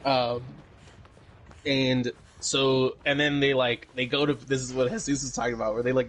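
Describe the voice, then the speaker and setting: A man's voice: mid-range voice, flat delivery, moderate pace, fairly bright tone, a little hiss or hum. A man co-hosting a podcast, casually recapping a movie in a rambling way, with lots of fillers, swearing and laughter. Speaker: podcast co-host.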